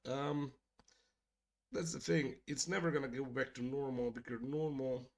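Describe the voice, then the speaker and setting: A middle-aged man chatting casually on a live stream, joking and swearing freely with his viewers. His voice sits in a middling range, and he drops to soft murmurs when talking to his cat. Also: mid-range voice, steady tone, moderate pace. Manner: profane, joking, addresses chat directly. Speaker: streamer hosting a creator hangout.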